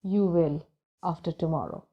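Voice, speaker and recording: A woman voicing a towering male warrior king who speaks with low, intimidating softness in a storybook retelling. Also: animated, measured pace, highs cut off. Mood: quietly menacing. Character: menacing towering male demon-king warrior, soft-spoken.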